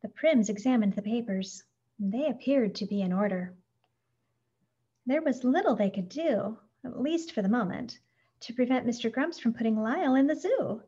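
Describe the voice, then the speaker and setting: A woman narrating a children's storybook in a gentle, expressive read-aloud. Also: fairly high pitch, moderate pace, breathy edge. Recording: dull lo-fi recording.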